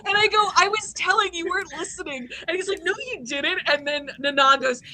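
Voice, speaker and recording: Bright, lively woman telling stories. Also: extremely high pitch, a little fast. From upstate New York. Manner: animated, laughs through her stories. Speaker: convention panelist. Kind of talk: casual panel storytelling.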